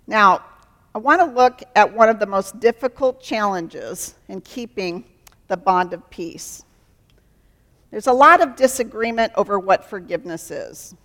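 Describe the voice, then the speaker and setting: A woman's voice: medium pitch, expressive, a little slow, fairly bright tone, big-room sound. A woman giving an earnest sermon as a Christian counselor, acting out dialogues to teach.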